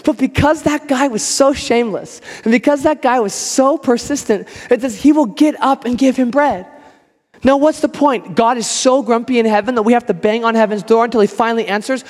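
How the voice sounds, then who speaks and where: High-voiced man preaching in a reverberant hall. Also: moderate pace. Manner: casual, conversational preaching with acted-out quotes. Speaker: pastor. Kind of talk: sermon.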